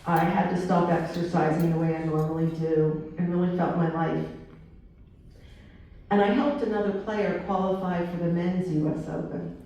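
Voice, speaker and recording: A woman in her sixties giving a talk to students, telling a story with lively acted-out dialogue. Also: lowish voice, moderate pace. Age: 60s. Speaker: motivational speaker. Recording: very echoey hall, speaker far from mic.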